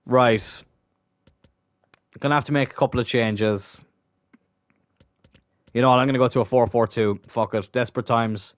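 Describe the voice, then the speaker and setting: A young man commentating his own gameplay live, swearing constantly and swinging from exasperated outbursts to low muttering. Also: fairly even intonation, moderate pace, long pauses, dry recording. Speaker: gaming channel host.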